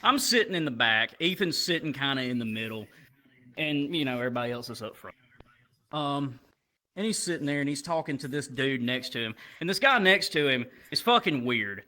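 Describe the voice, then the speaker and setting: A young man from Alabama telling a stand-up comedy story into a handheld stage microphone, animated and casually profane. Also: mid-range voice, brisk. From Alabama, USA.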